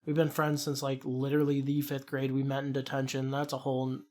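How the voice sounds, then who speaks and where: A man's voice: medium pitch, brisk. Profane, rambling man with a Chicago accent. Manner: rambling, profane, animated storyteller. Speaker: podcast co-host. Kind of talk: casual storytelling chat.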